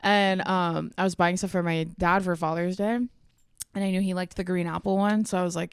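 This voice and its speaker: A woman's voice: on the low side, brisk, smooth, no room sound. A young woman co-hosting a podcast, chatting casually with lots of fillers and reading out listener questions. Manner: relaxed, filler-heavy, reads listener questions. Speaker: podcast co-host. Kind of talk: casual chat.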